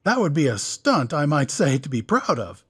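A man voicing a scheming scholar who is politely, smoothly mocking. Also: a little high, very animated, normal speed, fairly bright tone, pitched above the performer's own voice, heavily acted. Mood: suave irony. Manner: mock-courteous, smoothly ironic.

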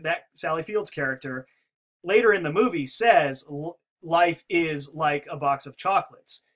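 A man's voice: fairly high pitch, pushed and bright. Rambling man explaining a theory. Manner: rambling, many restarts and fillers. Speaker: video commentator. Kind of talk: casual spoken commentary.

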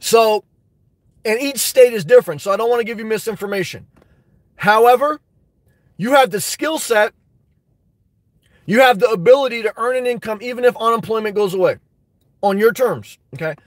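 A man's voice: high-pitched, moderate pace, long pauses, no echo. A man hosting a live stream, reading viewer comments and giving emphatic, fired-up advice. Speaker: YouTube live stream host.

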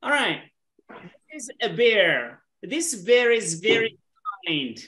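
A woman's voice: on the high side, very animated, fairly bright tone. Patient woman teaching English. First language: Arabic. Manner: patient, repeats words slowly, switches to Arabic to explain. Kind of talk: online class teaching. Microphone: video call.

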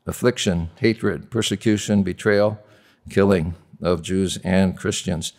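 A man's voice: low voice, fairly even intonation, a little slow, a little mellow. A male pastor preaching a sermon at a convention, emphatic and repeating key words for stress. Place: convention hall.

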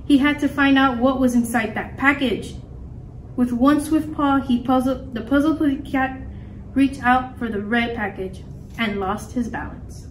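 A woman storyteller reading a picture book aloud in a lively, expressive way. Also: high voice, unhurried. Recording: echoey room, mic far off, faint noise.

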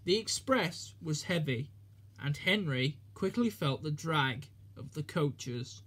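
Male storybook narrator, gentle and measured, slow pace, slightly high pitch. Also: lively intonation, husky.

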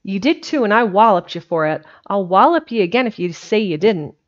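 A woman's voice: mid-range voice, sing-song, fairly quick, highs cut off, natural voice. A woman doing a scrappy boastful country boy. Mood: earnest. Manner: rough slangy boyish speech.

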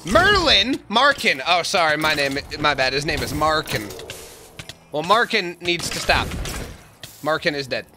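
A young man narrating and reacting to a survival game, excitable and profane, often yelling at the enemies he fights. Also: fairly high pitch, unhurried, over loud music. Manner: excitable, swears, yells at the game. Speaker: gaming YouTuber. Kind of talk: narrated gameplay commentary.

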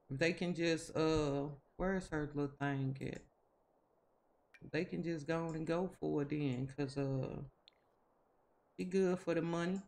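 A woman commentates her gameplay in a relaxed, conversational way. She talks straight at the characters, nagging and teasing them as she goes. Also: deep voice. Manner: chatty, scolding the game characters. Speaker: gaming video host. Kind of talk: casual game commentary.

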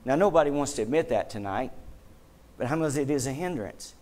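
A man's voice: mid-range voice, expressive, fast, a little mellow. A male pastor preaching a sermon to his church, emphatic and repetitive, asking the congregation questions. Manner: emphatic, repeats phrases, asks congregation questions. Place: church sanctuary.

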